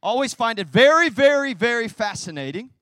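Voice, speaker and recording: A young man preaching with a high, bright voice that swings from hushed asides to loud, fired-up peaks. He talks to his congregation in a loose, slangy way, and the sound is close and dry with no room echo. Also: brisk. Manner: energetic, swings from quiet to loud, casual slang. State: tearful. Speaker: pastor. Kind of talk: sermon.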